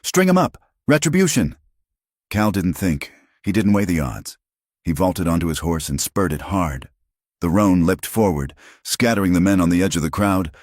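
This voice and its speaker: A man with an extremely deep, low voice narrates a western audiobook. His delivery is measured and even, recorded close and completely dry. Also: dry recording.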